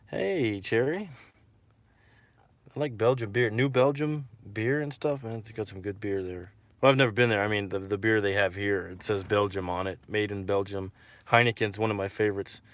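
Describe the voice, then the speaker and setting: A man's voice: lowish voice, normal speed, dry recording. A man from Texas hosting a casual livestream and reading out viewer comments, rambling and repeating himself with lots of fillers.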